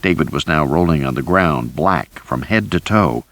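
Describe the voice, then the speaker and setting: Deep male audiobook narrator, lively pitch, dry studio sound. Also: moderate pace, dry recording. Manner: deep, steady, lively delivery. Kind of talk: scripted first-person narration.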